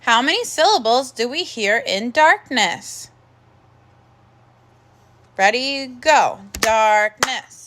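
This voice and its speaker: A woman leads a recorded first grade phonics lesson. Her voice sits high and bright, with a lively, swooping pitch. She speaks slowly and encouragingly, sounding out each word carefully. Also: a little hiss or hum. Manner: slow, clear, encouraging teacher talk with drawn-out sounds.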